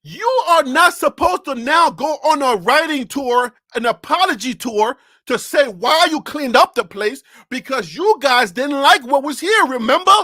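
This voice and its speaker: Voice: high-pitched, lively intonation, a little slow, hardly any pauses, pushed and bright, no room sound, clean studio sound. A sports talk host on a live stream who rants animatedly, fires off rhetorical questions and repeats phrases, speaking into a desk USB microphone.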